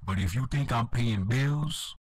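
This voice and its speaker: A man's voice: mid-range voice, measured pace, husky, no echo. A young man with a brash, profane, incredulous manner, performing a crude comedy skit.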